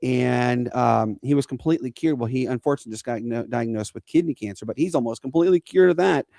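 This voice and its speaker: A man, co-hosting a podcast and telling a personal story in an earnest, halting way. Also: mid-range voice, vocal fry, mellow, no echo. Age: 40s. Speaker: podcast co-host.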